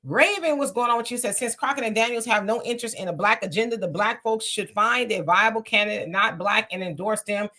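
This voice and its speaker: Bright-voiced woman hosting a livestream chat. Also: mid-range voice, brisk, few pauses. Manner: greets viewers by name, reads comments aloud and agrees. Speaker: livestream host reading viewer comments.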